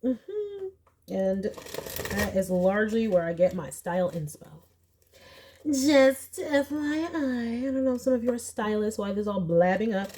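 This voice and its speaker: A young woman giving a casual pick-a-card tarot reading, chatty and animated, with slangy asides. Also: medium pitch, a little hiss or hum. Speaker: tarot reader.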